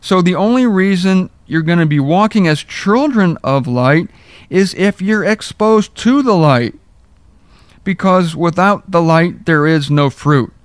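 Male Bible teacher, slightly high voice, dry close mic, wry and conversational. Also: lively intonation, no room sound. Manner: conversational, wry, rereads verses slowly for emphasis. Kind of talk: informal verse-by-verse Bible teaching.

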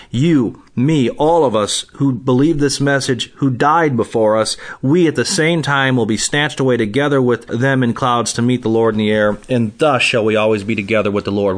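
A man in his thirties delivers Bible teaching with emphatic, animated conviction. His voice sits at an ordinary middle pitch, and he presses hard on key words. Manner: emphatic, animated retelling with acted quotes.

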